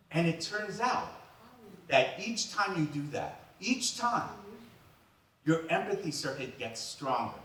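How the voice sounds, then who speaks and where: Animated man telling comic stories on stage. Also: medium pitch. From New York. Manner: animated, playful, acts out the people in his stories. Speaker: monologist. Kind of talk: comic storytelling monologue. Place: event hall. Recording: echoey hall, distant mic.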